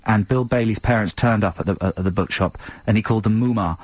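A man's voice: lowish voice, quick pace, noisy background. A man co-hosting a radio show, chatting casually with lots of laughter. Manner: chatty, lively banter with frequent laughs. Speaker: radio co-host. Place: radio studio.

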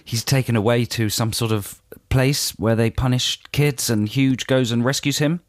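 A man's voice: mid-range voice, fairly even intonation, moderate pace, no room sound. A man co-hosting a radio breakfast show, talking in casual banter with dry, self-mocking humor and frequent laughs.

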